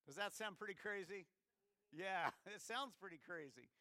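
An American pastor gives a chatty sermon, often restarting his sentences and asking the congregation questions. His voice is high and smooth. The sound is close and dry. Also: moderate pace, pushed and bright, no echo.

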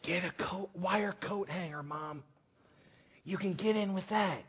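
A man voicing a hoarse, feverish boy in whispered role-play, weak and barely able to speak. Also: high-pitched, unhurried, dull audio.

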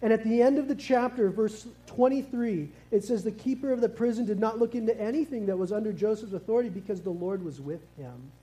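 Male preacher, very high voice, mellow tone, casual and lively, asks the crowd questions. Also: a little fast, hardly any pauses. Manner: lively, engages the audience with questions; casual, youthful slang. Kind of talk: family sermon with kids present.

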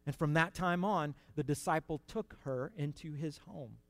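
A man with a slightly high voice preaches a sermon at a moderate pace. He's earnest and conversational, climbing to emphatic peaks and then dropping into quiet asides.

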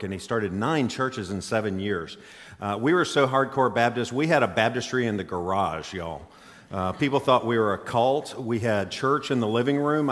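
A man with a faint Southern accent preaching as a guest, easygoing and chatty with lots of "uh" fillers. His voice sits a little low. It carries a long echo around the church hall. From Mississippi. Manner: folksy, chatty, with frequent "uh" fillers. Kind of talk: sermon. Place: church sanctuary.

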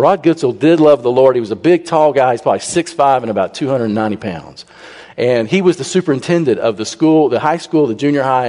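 A man telling a humorous personal story to a congregation, animated and acting out the people he quotes. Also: on the high side. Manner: animated, raises his voice when he quotes people. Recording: long reverb in a large hall.

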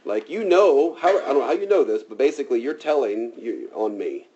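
A man's voice: medium pitch, expressive, fairly quick, dark tone, breathy edge. A preacher voicing an angry male king who complains and threatens, in a dull lo-fi recording. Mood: indignant. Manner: indignant, complaining.

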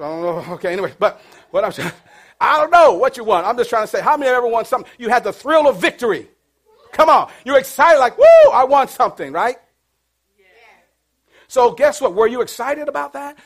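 A man's voice: high voice, a bit bright. A middle-aged pastor preaching a sermon, with playful call-and-response to his congregation.

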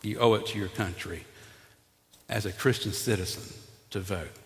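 A man preaching a sermon, talking directly to his congregation and acting out Bible figures in an animated way. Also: lowish voice, normal speed. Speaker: pastor. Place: church sanctuary. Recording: long reverb in a large hall.

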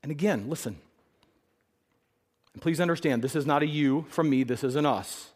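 Animated high-voiced male preacher. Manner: animated, emphatic, repeats phrases for stress. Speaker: pastor. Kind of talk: sermon.

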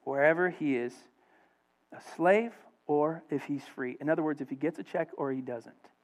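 Middle-aged male pastor, fairly high voice, dramatic preaching with loud peaks and quiet stretches. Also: moderate pace. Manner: preaching with dramatic swings between loud emphasis and hushed storytelling. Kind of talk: sermon.

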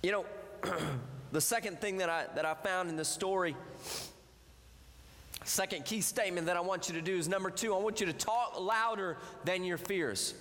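A man delivers a youth sermon in a high, bright voice, hammering his points home by repeating them. He builds from steady teaching to outright shouting. His words ring through a large hall with a long, trailing echo. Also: moderate pace. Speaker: youth pastor.

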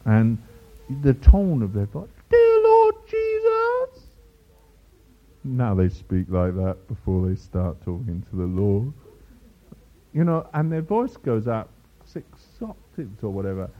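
A man preaching a sermon to a congregation, lively and teasing, mimicking other preachers' voices for humor. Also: on the low side, unhurried. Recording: dull lo-fi sermon recording.

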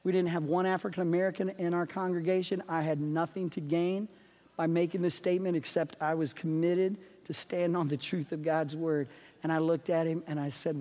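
A man preaching a sermon as pastor, animated and emphatic, telling stories to his congregation. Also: on the high side, fairly quick. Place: church sanctuary. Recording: long reverb of a church sanctuary.

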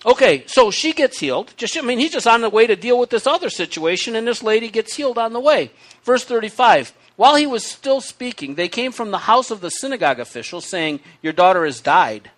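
Man preaching, hiccups, high voice, very animated pitch, chatty teaching with asides. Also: fairly quick. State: has the hiccups. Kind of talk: sermon with scripture reading.

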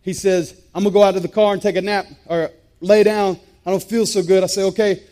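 Speaking a little fast, a man with a high but dark-toned voice and little pitch movement delivers his testimony. It's forceful and repetitive, with phrases said again and again for emphasis.

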